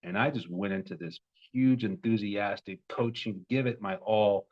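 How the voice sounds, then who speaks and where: Young male coach in his twenties, lowish voice, muffled lo-fi audio, storytelling that flares loud. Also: moderate pace. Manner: emotional, animated retelling with sudden loud peaks. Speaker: love coach. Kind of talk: personal storytelling.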